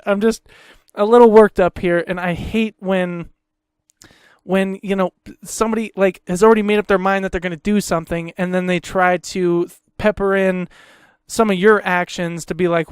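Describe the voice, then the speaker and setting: A man's voice: sits high, steady tone, normal speed, clear, resonant tone, dry recording, studio quality. A man hosting a podcast, ranting heatedly in a casual, profane way and repeating himself. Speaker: podcast host.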